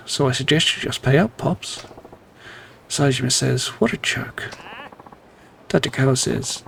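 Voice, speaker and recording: A man's voice: medium pitch, animated, measured pace, vocal fry, a bit bright, a little hiss or hum. A man playing a video game, reading the characters' lines aloud and adding dry, wry asides. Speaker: gameplay narrator.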